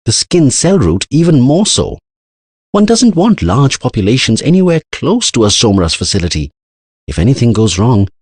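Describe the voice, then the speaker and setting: Man reading as anxious scientist, earnest explainer, husky voice, lively pitch. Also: no echo. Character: anxious older male scientist.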